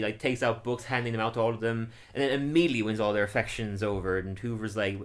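A man casually recapping a cartoon episode, telling it with energy and laughing often as he slips into quick silly voices. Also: medium pitch, fairly bright tone. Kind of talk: casual chat.

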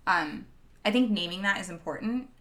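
A woman's voice: lowish voice, lively intonation, normal speed, a bit bright. A woman, a former teacher, giving a reflective interview answer in an earnest, conversational way with many fillers.

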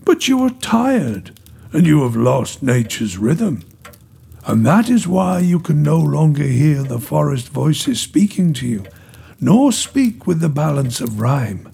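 A man voicing a gentle, wise ancient female nature spirit, speaking softly and slowly. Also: on the high side, sing-song, creaky, slightly rough, heavily acted. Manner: soft, slow, soothing.

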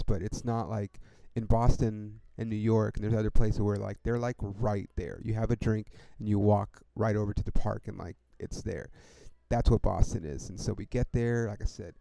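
A man's voice: fairly low pitch, level tone, moderate pace, vocal fry, hardly any pauses, warm tone, smooth, no room sound. A young man hosting a podcast, telling a rambling story in a laid-back, profane way, peppered with "dude" and "like". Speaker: podcast host.

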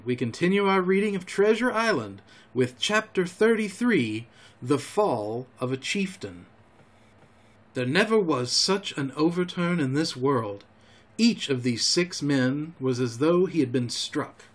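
A man hosting a storytelling show, reading a classic novel aloud in a calm, homely way. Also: fairly high pitch, unhurried. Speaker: storyteller host.

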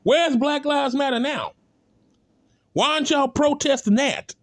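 Blunt high-voiced man ranting. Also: a little slow, no echo. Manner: blunt, repetitive, rhetorical calls. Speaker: commentator. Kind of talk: impassioned spoken rant.

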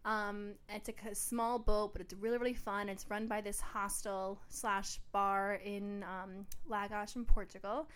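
An American woman co-hosting a podcast, telling a story in a lively, chatty way and laughing often. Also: mid-range voice, a little slow, hardly any pauses, clean tone. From New York, US. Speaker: podcast co-host. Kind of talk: casual chat.

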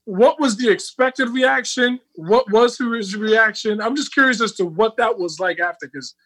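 Bright high-voiced curious man, dry sound. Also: moderate pace, dry recording, low-quality recording. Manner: curious, asks probing follow-up questions. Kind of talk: casual interview.

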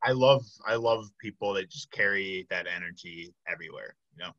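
Low, bright-toned man hosting a podcast. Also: a little fast, no room sound, highs cut off. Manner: hesitant, many fillers, trails off softly. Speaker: podcast host. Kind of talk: casual interview chat.

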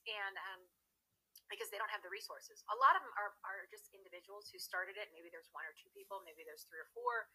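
A woman's voice: mid-range voice, a little fast, pushed and bright, breathy edge, poor audio. A woman guest, herself a radio host, chatting in a casual interview, rambling and laughing as she explains things.

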